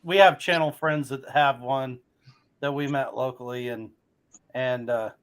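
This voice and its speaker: A man in a casual panel chat, speaking in a slow, halting way. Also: medium pitch.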